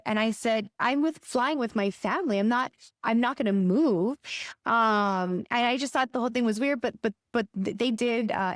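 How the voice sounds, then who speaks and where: Animated middle-aged woman telling a story. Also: mid-range voice, no echo, studio quality. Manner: animated, hesitant retelling with many restarts. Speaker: podcast co-host. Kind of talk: casual anecdotal storytelling.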